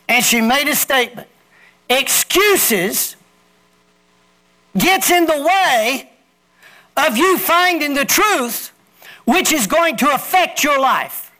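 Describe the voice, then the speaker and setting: Preaching a sermon, this male pastor leads the congregation in call-and-response, asking them to echo him. He speaks in a very high-pitched, sharp voice.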